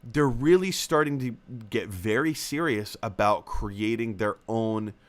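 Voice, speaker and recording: A man's voice: lowish voice, unhurried. A young man hosting a live movie chat, reading out viewer comments and rambling casually with lots of fillers and restarts.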